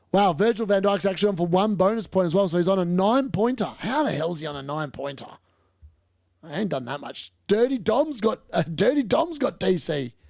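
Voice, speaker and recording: A man's voice: high voice, gravelly, darkish tone, dry recording, clean studio sound. A man hosting a football watch-along, chatting casually and bluntly over live play with mild swearing. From Australia. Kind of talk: casual live match commentary.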